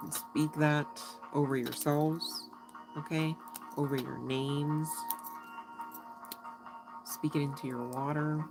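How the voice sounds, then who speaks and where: A woman reads tarot cards in a loose, chatty way, giggling often and swearing without a second thought. Her voice sits unusually deep for a woman. Music plays clearly behind her. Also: flat delivery, slow, pauses often, poor audio. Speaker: tarot reader. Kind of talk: casual live tarot reading.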